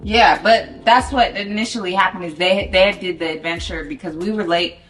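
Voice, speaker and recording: A woman tells a casual story, her voice bright and lower than most. She talks loosely in slang and quotes herself as she goes. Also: moderate pace, soft background music. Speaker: vlogger telling couple story.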